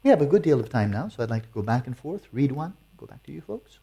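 A man's voice: mid-range voice, big pitch swings, quick pace, gravelly, warm tone, husky. A man teaching meditation and answering audience questions in a playful, teasing way. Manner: playful, teasing, chuckles often.

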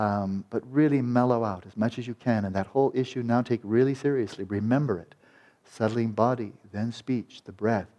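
Leading a dharma talk on retreat, a male meditation teacher speaks in a mid-range voice that is soft and soothing, often fading out on quiet, repeated words.

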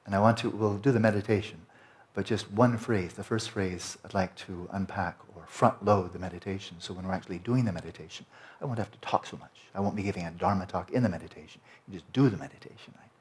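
A man teaching a Buddhist Dharma talk, explaining slowly and lingering over Tibetan and Sanskrit terms. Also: sits low. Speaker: meditation teacher.

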